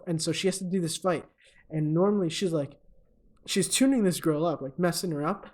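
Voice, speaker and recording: Retelling a film's plot in a laid-back, jokey way, a young male podcast co-host speaks in a higher-than-average, darkish voice. He leans on lots of ums and uhs and chuckles at his own gags.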